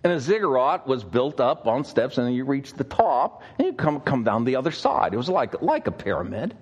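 A man's voice: medium pitch, sing-song, a little fast, husky, highs cut off. A male pastor preaching a sermon, telling stories conversationally with frequent fillers.

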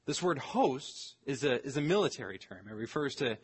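A man, a pastor, preaching an earnest expository sermon, slowing down to stress scripture phrases. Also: mid-range voice, very animated, husky.

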